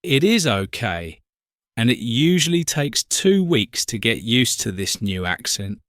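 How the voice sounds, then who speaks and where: Male narrator for learner stories: slow, clear, lively pitch, dry recording. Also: dry recording. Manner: slow, clear, simple sentences. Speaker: story narrator. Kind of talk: graded-reader story narration for learners.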